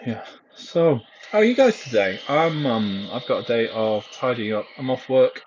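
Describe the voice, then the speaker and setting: This young man's casual home vlog is a ramble full of fillers and self-deprecating asides, spoken into a headset microphone indoors. His voice is medium in pitch, expressive and a little slow, with slight hiss or hum. Audio is dull and lo-fi, with clipping.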